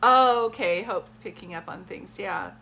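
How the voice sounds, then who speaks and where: A woman's voice: medium pitch, unhurried, vocal fry, sharp tone, slight background noise. A woman giving a psychic reading on a live stream from a phone, talking in chatty, rambling asides. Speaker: psychic medium.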